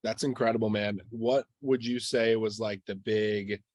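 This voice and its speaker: A man's voice: fairly low pitch, fairly even intonation, a little slow, a little mellow, dry recording. A man hosting a business video call, welcoming his guest and asking about his story in an upbeat way. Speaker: host.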